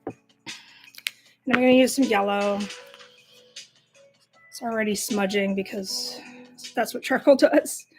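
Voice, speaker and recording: A woman's voice: medium pitch, unhurried, long pauses, soft background music. A young adult woman chatting casually while she draws, self-mocking and laughing often. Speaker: art vlogger. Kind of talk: casual narration while drawing.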